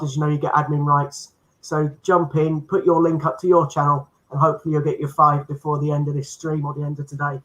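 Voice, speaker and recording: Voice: medium pitch, a bit bright, rough recording. A speaker hosting a casual live stream, friendly and reassuring, addressing viewers by name.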